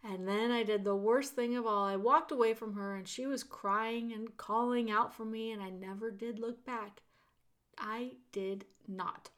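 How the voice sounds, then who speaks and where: A woman's voice: fairly high pitch, fairly even intonation, a bit bright. A woman reading a guilt-ridden old prisoner. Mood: remorseful. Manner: halting, confessional.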